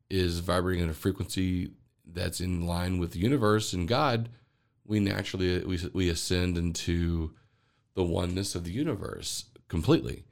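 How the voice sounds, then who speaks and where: A man hosting a podcast, talking through spiritual ideas in an earnest, rambling way and often repeating words as he thinks aloud. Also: low-pitched. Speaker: podcast host. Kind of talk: spiritual monologue.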